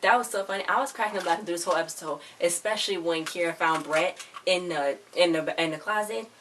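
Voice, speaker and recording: A woman recording a casual episode recap video, talking in a chatty, rambling, excitable way. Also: fairly low pitch, quick pace. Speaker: show recap vlogger. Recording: distant mic with faint background noise.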